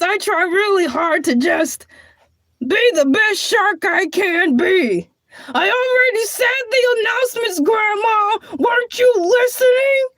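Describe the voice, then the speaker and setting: Hercules the Shark, squeaky woman-voiced tough-guy shark. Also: a bit bright, no echo, studio quality, exaggerated voice. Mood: mopey. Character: tough-talking boastful male cartoon shark. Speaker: show host. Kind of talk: comedy character monologue.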